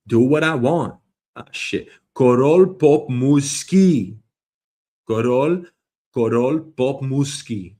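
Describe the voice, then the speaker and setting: A man's voice: fairly low pitch, husky. A man hosting a solo comedic news show, rambling and swearing as he argues with an imagined listener. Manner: rambling, profane, mock-arguing with the listener. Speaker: host.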